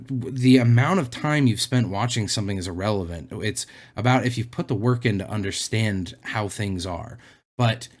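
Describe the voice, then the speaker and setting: Young guy ranting casually, sarcastic, exasperated, voice shoots up when he's incredulous. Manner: sarcastic, exasperated, swings to high incredulous outbursts. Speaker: anime commentary youtuber. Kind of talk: casual unscripted rant.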